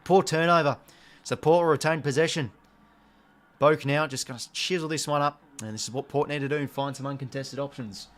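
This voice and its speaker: With a fairly high voice and a slightly quick pace, a young Australian man hosts a live watch-along, calling the match loosely with bursts of excitement and the odd mild swear word.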